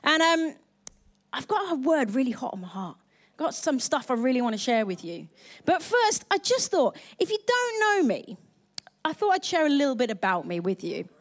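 A woman's voice: high-pitched, big pitch swings, normal speed. A young woman pastor giving a live sermon in a bubbly, chatty, self-mocking way.

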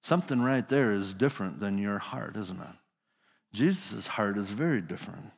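A man's voice: on the low side, animated, moderate pace, gravelly, slightly rough, big-room sound. A male pastor preaching a sermon in a casual storytelling manner, putting his listeners into the scene.

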